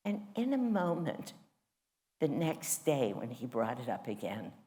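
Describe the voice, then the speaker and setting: Woman, spiritual class teacher, low voice, very expressive pitch, candid storytelling. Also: a little slow. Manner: animated, candid and self-mocking. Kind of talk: personal storytelling in a class talk.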